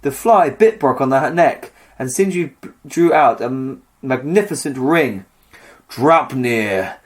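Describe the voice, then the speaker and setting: A man's voice: medium pitch, expressive, a little slow. A man co-hosting a podcast, chatting casually and reading myths aloud with a jokey manner. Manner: jokey, slips into silly put-on voices. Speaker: podcast co-host.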